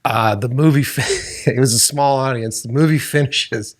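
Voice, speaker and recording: A man's voice: medium pitch, moderate pace. A man hosting a podcast, telling stories casually with lots of swearing and frequent laughter. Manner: animated, profane, laughs while telling stories. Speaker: podcast host. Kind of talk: casual conversation.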